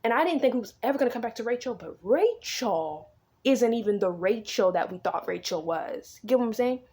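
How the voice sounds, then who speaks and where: A woman casually recapping a novel she is reading, retelling scenes in a chatty, animated way with plenty of swearing. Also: fairly high pitch, brisk. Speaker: vlogger recapping a book. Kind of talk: casual book-reading vlog chat.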